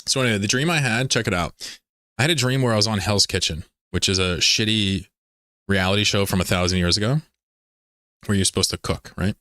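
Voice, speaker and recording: A man's voice: lowish voice, brisk, bright, forceful tone, no echo, clean studio sound. A man hosting a casual livestream, rambling, laughing often and reading chat messages aloud. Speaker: livestream host.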